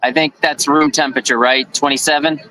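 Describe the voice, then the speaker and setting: A man's voice: a little high, steady tone, a little fast, a crowd in the background, poor audio. A man co-hosting a casual live stream, easygoing and a little hesitant, often restarting his sentences.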